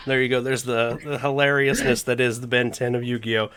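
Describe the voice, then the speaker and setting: A man with a Southern US accent hosting a casual chat, animated and rambling, quick to laugh. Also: mid-range voice, slight background noise. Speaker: host.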